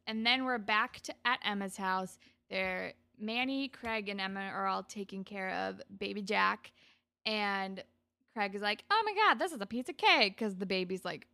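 A young woman co-hosting a casual chat, talking fast and loose with lots of "like" and acting out what characters say. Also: mid-range voice, creaky, bright, forceful tone. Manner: chatty, full of "like", acts out characters' lines. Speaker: podcast co-host recapping a TV episode.

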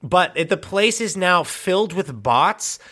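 A man riffing in casual chat, animated and profane, telling a story through laughs. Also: high-pitched, measured pace. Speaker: co-host improvising a campaign.

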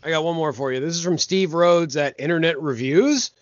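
A man's voice: fairly high pitch, brisk, no room sound. Podcast guy reading reviews like a newscaster, dry lo-fi sound. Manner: reads like a newscaster. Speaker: podcast co-host. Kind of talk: casual movie podcast chat.

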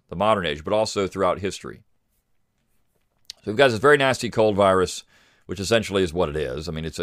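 A man's voice: on the low side, no room sound, studio quality. A man hosting his own podcast, talking casually and rambling with many fillers and restarts. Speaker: podcast host. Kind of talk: casual solo commentary.

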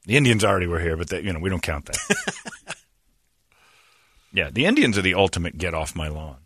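A man's voice: deep voice, wildly swooping pitch, brisk, fairly bright tone, slightly rough, no echo, clean studio sound. A man hosting a casual chat, rambling and joking, laughing often at his own bits.

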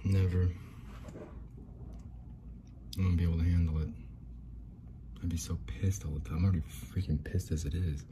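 A man's voice: low voice, steady tone, moderate pace, long pauses, background noise. A middle-aged man from the United States ranting casually as a podcast host, aggrieved and rambling, swearing freely. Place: outdoors near an apartment complex.

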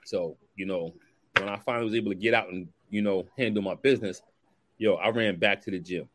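A man's voice: lowish voice, a little fast, noisy background. A man hosts a laid-back chat, full of slang. He tells stories with energy and acts out every voice in his anecdotes. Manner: animated storyteller who acts out dialogue, slangy. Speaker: podcast host. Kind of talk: casual chat.

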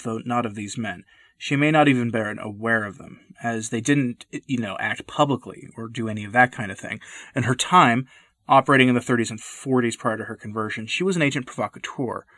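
Man reading measured commentary, dry sound. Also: mid-range voice, a bit bright, no echo. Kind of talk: scripted commentary narration.

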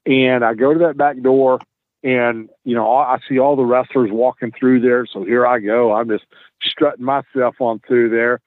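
Man, animated storyteller, lively delivery, tinny dry line. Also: medium pitch, normal speed, dry recording. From Tennessee, US. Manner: animated, acts out the dialogue. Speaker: guest, wrestler. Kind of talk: casual storytelling.

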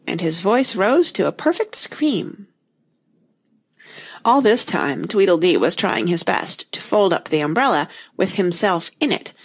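A woman narrating a storybook audiobook, her voice sitting low for a woman. Her delivery is expressive and swings widely in pitch.

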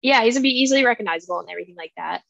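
A young woman co-hosting a book podcast, chatting casually and quoting characters with animated voices. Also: fairly high pitch, very fast, creaky, dry recording. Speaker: podcast co-host. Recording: dull, dry, lo-fi sound.

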